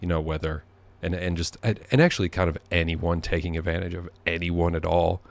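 Man, very low voice, podcast host, sardonic, profane, rambling monologue, living room. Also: steady tone, a little fast, vocal fry.

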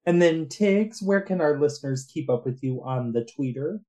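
A man's voice: fairly high pitch, lively intonation, moderate pace, mellow. A man hosting a podcast, signing off in a playful, gushing casual chat. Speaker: podcast host.

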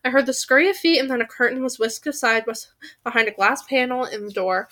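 A woman's voice: fairly high pitch, a little fast, bright, forceful tone. A woman reading a novel aloud expressively, with small stumbles and restarts. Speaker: reader.

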